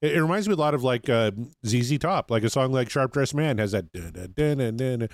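A man's voice: medium pitch, animated, fairly quick, no room sound, clean studio sound. A man hosting a music podcast, talking casually with jokes and crude asides. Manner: easygoing, joking, crude asides. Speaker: podcast host.

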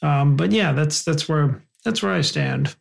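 A man's voice: on the high side, measured pace, gravelly. A man co-hosting a music podcast, chatting casually and hesitantly.

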